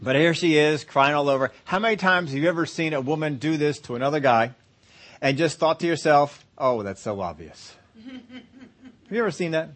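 A man's voice: on the high side, animated, normal speed, a bit bright. A man preaching a sermon. He talks conversationally, laughs easily and acts out little scenes. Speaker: pastor.

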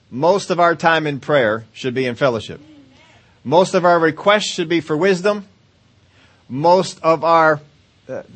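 Casting: middle-aged male preacher, slightly high voice, easygoing sermon delivery that breaks into mock-pleading prayers. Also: fairly bright tone. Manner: conversational, chuckles often, acts out whiny prayers.

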